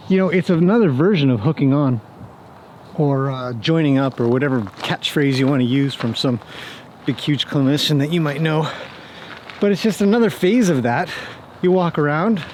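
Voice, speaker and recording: A man's voice: a little high, moderate pace, pauses often, darkish tone, slight background noise. A man working as a horse trainer, chatting casually and joking as he talks to his horses outdoors. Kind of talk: casual vlog talk to camera and horses.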